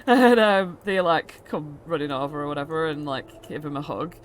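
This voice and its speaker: A woman's voice: deep voice, a little slow, a little hiss or hum. A woman narrating a tabletop game as game master in a rambling, giggly way, with lots of fillers.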